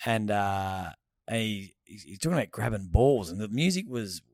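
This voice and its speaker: A man's voice: on the low side, animated, normal speed, no room sound, clean studio sound. A man with an Australian accent co-hosting a podcast, telling crude, laughing stories in casual banter. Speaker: podcast co-host.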